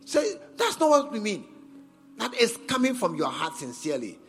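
A man's voice: high voice, wildly swooping pitch, moderate pace, a bit bright. A man with a Ghanaian accent preaching a sermon in church, emphatic and repetitive as he urges the congregation on. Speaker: pastor. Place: church service. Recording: church hall reverb with faint music.

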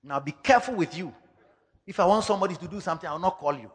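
Pastor guy preaching, high-pitched and kinda husky, big reverb like a church hall. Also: racing. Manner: animated preaching, mixing in local-language phrases, sudden shouts. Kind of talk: sermon.

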